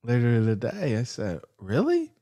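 Speaking at a normal pace, a male interview guest who invests in real estate recounts a story in a warm, mellow voice. He gets animated and plays the other characters with jumps in pitch.

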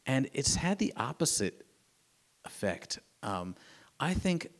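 A middle-aged man, an author, speaking at a live museum talk in an earnest, animated storytelling way, with fillers and restarts. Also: mid-range voice, slow. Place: museum event room with audience.

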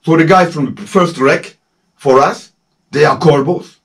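A man's voice: a little high, measured pace, gravelly. A German-accented man in his fifties, a former soldier, giving a casual spoken lesson, laughing often and slipping into French phrases. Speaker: former legionnaire instructor.

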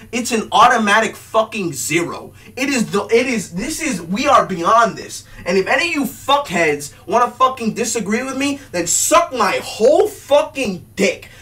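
Brief: young male reviewer, furious swearing rant, bright sharp tone, sits back from the mic. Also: very high voice. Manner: yelling, swearing constantly. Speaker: game reviewer. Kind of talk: angry profane rant. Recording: voice distant from the mic.

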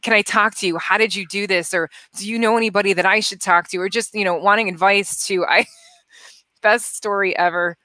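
A young adult woman, an actress and producer, chatting as a guest and telling lively stories with frequent laughs. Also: mid-range voice, fairly quick, dry recording. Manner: animated storyteller, laughs often. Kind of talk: casual interview chat.

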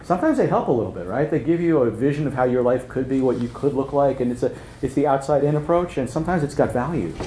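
Male workshop speaker, chatty storyteller, medium pitch, recorded in a reverberant room with faint ambience. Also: expressive, fast, mellow, a little hiss or hum. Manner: anecdotal, joking, chuckles at own stories; conversational, checks in with "right?". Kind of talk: live workshop talk with storytelling. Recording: roomy event hall with faint ambience.

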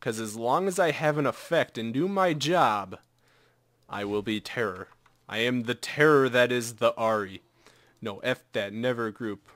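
A young man giving casual live commentary over his own game, excitable and self-mocking, dropping to mutters and jumping to yelps. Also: medium pitch, measured pace, dry recording. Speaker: gameplay commentator.

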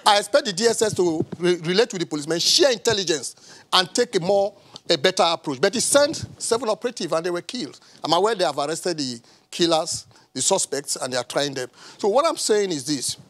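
On a studio TV panel, the Nigerian analyst talks briskly in a voice that sits high, a bit bright, with lively intonation. He becomes impassioned and louder, captured on a low-quality recording.

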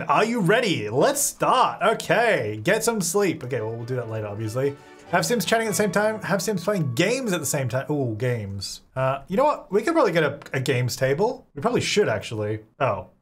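This is a young man hosting a relaxed game playthrough. His voice sits a touch high and swings widely in pitch as he chats, jokes and laughs at the game. He sometimes slips into silly squeaky voices for his characters. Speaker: gaming channel host. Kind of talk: casual let's-play commentary.

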